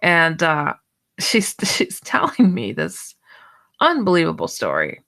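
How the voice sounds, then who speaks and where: A woman telling a personal story in a bright, forceful voice with a gravelly edge of fry. She rambles and restarts often, then leaps upward in pitch whenever she replays her own surprise. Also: slow. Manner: excitable, jumps high when acting out her own reactions; rambling with many false starts. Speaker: paranormal researcher guest. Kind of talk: animated personal storytelling in an online audio chat.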